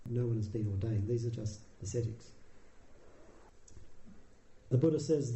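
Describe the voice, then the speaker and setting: A man giving a Buddhist dharma talk, telling the story in a relaxed, conversational way with dry humour. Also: medium pitch, measured pace, long pauses, a little hiss or hum. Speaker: dharma teacher. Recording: roomy echo.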